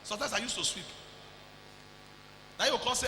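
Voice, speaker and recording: A man with a Nigerian accent preaching a fervent sermon, breaking into shouts and slipping into pidgin. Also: extremely high pitch, normal speed, creaky, a little hiss or hum. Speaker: pastor. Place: church. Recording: echoey church hall.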